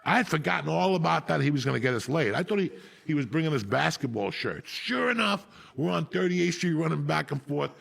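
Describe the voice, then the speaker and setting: Gravelly profane storytelling man. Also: on the high side, very animated, fairly quick, a bit bright. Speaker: podcast host. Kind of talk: storytelling chat.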